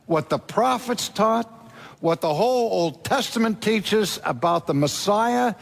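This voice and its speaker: A man playing a calm, earnest apostle pleading his case before a king. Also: sits high, measured pace, gravelly, voice pushed up, exaggerated voice. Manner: unruffled, solemn and earnest.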